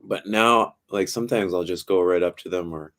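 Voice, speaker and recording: Low-voiced young man telling stories. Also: moderate pace. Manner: relaxed storytelling with frequent "like" fillers. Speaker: podcast guest. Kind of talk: casual chat.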